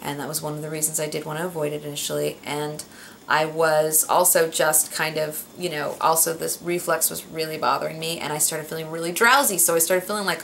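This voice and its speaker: A woman's voice: low voice, flat delivery, brisk, creaky, a bit bright, a little hiss or hum. A young woman, a new mother, telling her birth story in a rambling casual way, tired and close to tears. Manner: rambling, many fillers and restarts.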